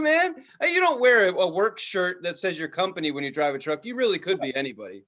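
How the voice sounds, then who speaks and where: A man co-hosting a casual podcast, telling a lively story and swearing freely. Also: high-pitched, fast talker, hardly any pauses, slight background noise. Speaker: podcast co-host. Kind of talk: casual chat.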